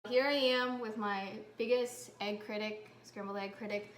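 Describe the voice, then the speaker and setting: A woman's voice: medium pitch, fairly even intonation, moderate pace. A woman vlogger chatting offhandedly while cooking in a home kitchen. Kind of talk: casual cooking demonstration.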